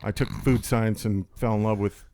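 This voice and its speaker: A man's voice: steady tone, normal speed, a crowd in the background. A man, the guest on a podcast, telling rambling stories with lots of energy and jokes. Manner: high-energy, talkative, jokey, does voices for quotes. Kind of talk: rambling storytelling chat.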